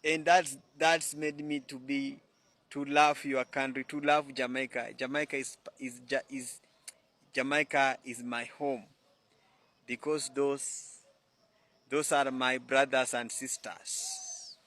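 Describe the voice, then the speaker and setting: A man talks to the camera in a slow, halting, affectionate way. His tone is bright and sharp. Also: medium pitch, little pitch movement. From Kenya. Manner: halting, restarts words, affectionate. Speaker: social media commenter. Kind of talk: casual direct-to-camera talk.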